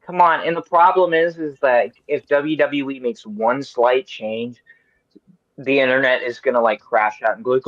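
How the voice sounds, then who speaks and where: A man in his thirties hosting a podcast, chatting casually in an animated, rambling, profane way. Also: medium pitch, normal speed, no echo, lo-fi sound. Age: 30s. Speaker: podcast host. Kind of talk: casual chat.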